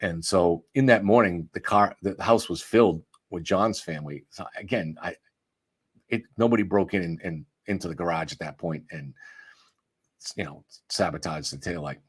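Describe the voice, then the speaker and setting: A man with a low voice reads a crime report aloud in a measured way. He keeps pausing to comment, thinking aloud with small restarts. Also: slightly rough. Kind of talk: reading an article aloud with commentary.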